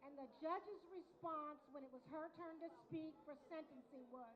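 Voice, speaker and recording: High-voiced woman addressing a luncheon crowd. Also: normal speed, hardly any pauses, dull audio. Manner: chatty, addresses the audience directly. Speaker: event speaker for a prosecutor's office unit. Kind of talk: speech at a luncheon. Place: large hall at a luncheon event.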